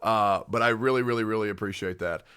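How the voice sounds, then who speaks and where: Podcast host guy, upbeat, bright voice, introducing guests. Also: lowish voice, quick pace, clear, resonant tone. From Canada. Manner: upbeat and enthusiastic, cueing guests. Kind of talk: casual podcast hosting.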